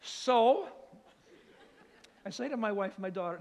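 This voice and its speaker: An older man preaches in a church, spinning a funny story and throwing himself into every voice. His voice sits high, and a long reverb trails after him. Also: unhurried, creaky, slight background noise. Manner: animated comic storytelling, acts out voices. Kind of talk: storytelling sermon.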